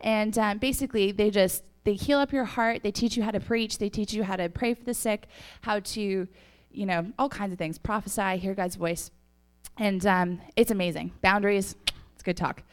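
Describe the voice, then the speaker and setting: A woman's voice: medium pitch, fairly even intonation, moderate pace, clear, resonant tone. A young woman giving a casual testimony to a church audience, telling stories chattily with laughs and fillers, a little sniffly. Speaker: church speaker.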